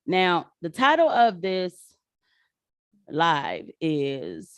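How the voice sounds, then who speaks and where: She speaks in a lowish, smooth voice, stretching her words out, with no echo. As a livestreaming political commentator, she chats casually and animatedly in slang, calls her audience "y'all," and drifts from tangents to opinions.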